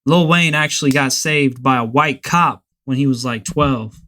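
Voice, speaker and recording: A man's voice: medium pitch, moderate pace, bright, forceful tone. Laid-back man. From New Orleans. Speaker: podcast guest. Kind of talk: casual comedic chat.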